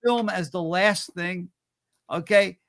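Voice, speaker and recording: A man's voice: high-pitched, slow pace, a bit bright. A man in a casual podcast chat, talking in an opinionated, emphatic way.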